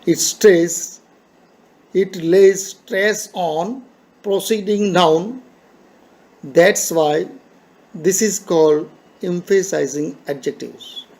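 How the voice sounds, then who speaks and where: A man's voice: high-pitched, warm tone. A man teaching a grammar lesson, patiently repeating each point in simple phrases.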